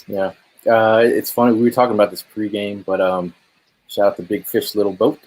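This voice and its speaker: A man's voice: fairly low pitch, flat delivery, brisk, a little mellow, poor audio. A man hosting a casual live sports chat, laid-back and joking. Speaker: podcast host.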